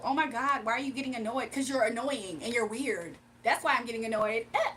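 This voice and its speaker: Woman livestream host, high and bright voice, sassy, exasperated, faint room hum. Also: a little fast. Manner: sassy, exasperated, talks back to chat comments. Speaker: livestream host reading chat. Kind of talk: casual livestream rant.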